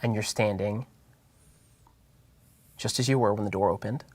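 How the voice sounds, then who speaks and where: Man, game master, tabletop narration, halting with fillers, dry close sound. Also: lowish voice, darkish tone, no echo.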